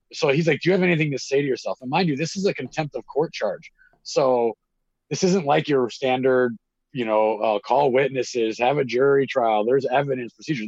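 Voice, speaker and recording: A man spins a long, rambling story in casual conversation and swears without a second thought. His voice sits at an ordinary pitch. The sound is close and dry, with slightly dull highs. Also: no room sound. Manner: rambling, animated, swears freely. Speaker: guest telling a story.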